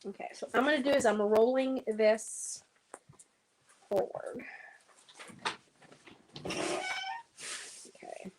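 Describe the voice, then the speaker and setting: A woman's voice: high-pitched, huge pitch swings, slow pace, long pauses, poor audio. A woman hosting a casual sewing livestream, thinking aloud and chatting to her viewers as she works.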